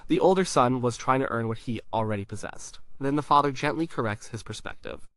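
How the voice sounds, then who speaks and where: A man giving a scripted Bible teaching in a measured, emphatic way, with deliberate pauses. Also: medium pitch, a bit bright, no echo. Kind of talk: scripted narration.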